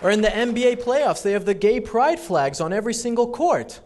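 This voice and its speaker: A man's voice: high voice, animated, brisk, a little mellow, some chatter behind, slight background noise. A man giving an emphatic, repetitive speech at a fundraiser. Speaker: political speaker.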